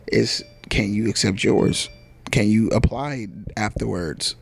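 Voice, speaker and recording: A man chatting casually on a podcast, slangy and animated, acting out quotes as he tells stories. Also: lowish voice, slow, gravelly, husky. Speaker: podcast host. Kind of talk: casual chat.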